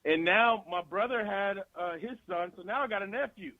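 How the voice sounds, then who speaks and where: A man's voice: high-pitched, moderate pace, dry recording, narrow, tinny audio. A male guest actor in a casual radio interview, talking loosely and animatedly with frequent laughs.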